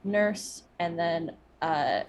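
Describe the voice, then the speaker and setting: A woman's voice: on the low side, expressive, extremely slow, background noise. A woman running a tabletop game as game master, talking with many fillers and hesitations.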